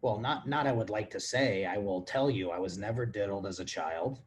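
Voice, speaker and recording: A man's voice: lowish voice, normal speed, a little hiss or hum. Drunk rambling man, crude and loose. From Texas. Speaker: podcast host. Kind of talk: casual comedic monologue answering listener questions.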